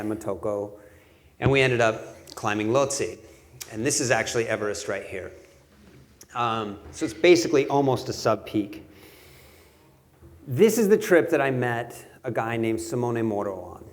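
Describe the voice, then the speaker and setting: A man's voice: mid-range voice, a little mellow. A man giving a live talk to an audience, conversational and self-deprecating, telling stories with jokes. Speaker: guest speaker. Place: event venue with audience.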